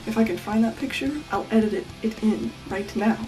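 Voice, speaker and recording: An eighteen-year-old woman vlogging casually at home at night, with a deadpan, self-mocking delivery that now and then drops to a whisper. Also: a little high, brisk, distant mic, faint music behind, poor audio. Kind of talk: casual Q&A vlog.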